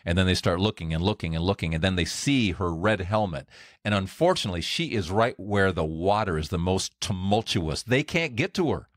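Animated male podcast host, low voice. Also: brisk, no echo, studio quality. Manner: animated, acts out quoted voices with big pitch jumps. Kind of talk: storytelling monologue.

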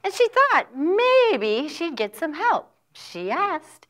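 A woman telling a folk tale to children, with expressive, sing-song, drawn-out phrasing. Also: very high-pitched. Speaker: children's storyteller. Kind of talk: storytelling for children.

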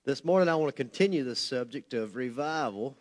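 A man's voice: mid-range voice, lively intonation, brisk, a little mellow. A man, a pastor preaching a folksy, joking sermon in a church sanctuary. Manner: folksy, joking, loses his notes.

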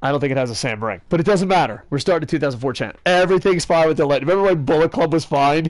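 A man's voice: a little high, racing, a little hiss or hum. A man hosting a casual gaming video, rambling through jokes, sarcastic rants and cursing while chatting with a friend off-mic. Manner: excitable, talks to a friend off-mic.

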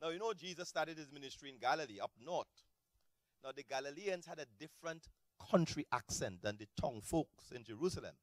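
A man preaching a sermon as a pastor, animated, swinging between shouted peaks and low, quiet asides. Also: brisk, no echo.

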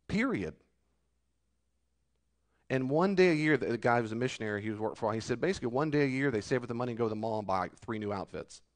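A male pastor preaching a sermon, shifting between loud rebukes and quiet asides, and mocking complainers in whiny voices. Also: mid-range voice.

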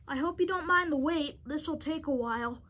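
A woman's voice: high voice, normal speed, fairly bright tone. A woman voicing a fretful, dutiful male shunting engine.

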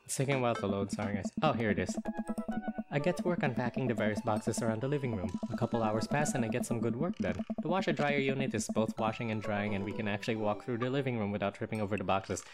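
A man's voice: lowish voice, quick pace. A man doing let's-play commentary, reading game text aloud and joking and swearing casually as he plays. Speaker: gaming YouTuber. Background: loud game music.

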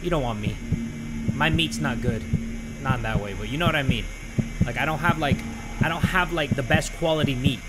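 A man's voice: medium pitch, brisk, very noisy. A young man playing a horror game, talking to viewers in a jittery, self-mocking, chatty way. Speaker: gaming youtuber.

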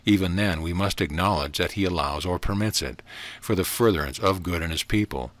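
Deep-voiced man reading a minister, earnest, eager, questioning, a bit hesitant, dry sound, storybook. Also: brisk, a bit bright, no echo.

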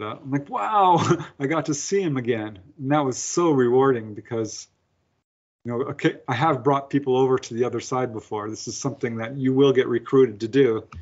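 A man's voice: mid-range voice, fairly quick. Guy on a video call telling stories, laughs a lot, acts out his lines, kinda dull lo-fi sound. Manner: animated storyteller, laughs often, acts out his own lines. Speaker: guest, author and experiencer. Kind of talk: casual storytelling interview.

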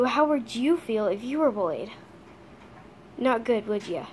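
A teenage girl vlogging casually from her home kitchen, talking earnestly with halting restarts. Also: a little high, animated, darkish tone, slight background noise.

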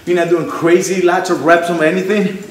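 A man leads a home workout live as a fitness instructor, his high voice at a moderate pace, panting while he counts reps and cheers people on with energy. There's a little hiss or hum, and the distant mic sits in a very echoey room.

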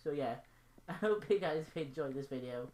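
Low-voiced, rambling woman gamer. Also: lively intonation, normal speed, a little mellow, a little hiss or hum. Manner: rambling, silly and playful, chatting while playing. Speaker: gaming channel host. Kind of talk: casual gaming vlog commentary.

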